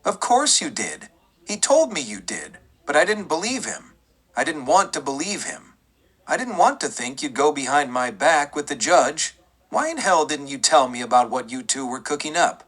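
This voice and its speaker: A man voicing an aging frontier sheriff who speaks gruff and plain. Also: fairly high pitch, a bit bright.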